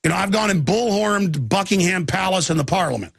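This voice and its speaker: A man's voice: high-pitched, lively intonation, fairly quick, creaky, a bit bright, slightly rough, no echo, studio quality. A man hosting a talk radio show, telling a long story in an intense, rambling way with frequent restarts and sudden outbursts.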